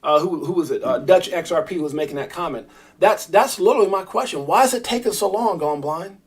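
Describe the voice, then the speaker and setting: Middle-aged New man, fairly high voice for a man, rambling live-stream host who calls out chat viewers. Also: brisk, slightly rough. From Brownsville, Brooklyn, New York. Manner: animated, rambling, addresses chat viewers by name. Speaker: crypto livestream host.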